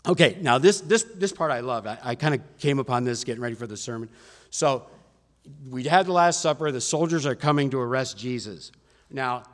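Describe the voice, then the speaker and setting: Preacher, male, middle pitch, chatty and animated sermon delivery, long hall echo. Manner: conversational, animated retelling of scripture.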